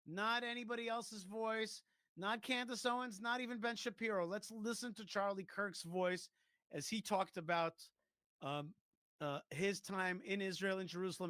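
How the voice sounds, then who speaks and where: A man hosting a talk show, introducing a clip in a conversational way with pauses. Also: high voice, a bit bright, dry recording. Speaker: show host.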